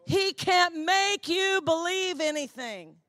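High-voiced woman preaching fervently. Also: lively intonation, slow pace, dry recording. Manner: fervent preaching that builds to shouting; repetitive, emphatic phrasing. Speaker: pastor. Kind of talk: sermon.

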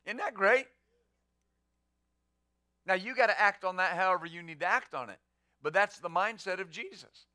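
A man's voice: high voice, moderate pace, long pauses, pushed and bright, no room sound, studio quality. A man pastor preaching a sermon, emphatic, asking rhetorical questions and answering them.

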